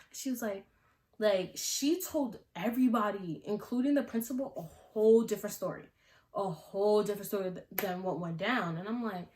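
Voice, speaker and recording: A young woman telling a casual storytime vlog, acting out her own past lines with animated delivery. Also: mid-range voice. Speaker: vlogger. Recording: echoey room.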